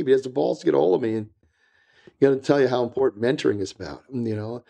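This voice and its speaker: This man's voice is medium-pitched and dark, with vocal fry and a rapid-fire pace. He's a retired DEA agent on as a guest in a relaxed interview, telling rambling, blunt, repetitive stories and performing the words of others in their voices.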